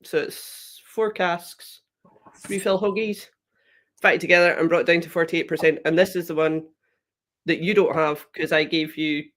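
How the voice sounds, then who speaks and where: Her pitch is fairly low, her intonation fairly even, and her speed normal. A whisky brand ambassador guesting on a casual chat show, she chats in a friendly way, sprinkling in plenty of "like".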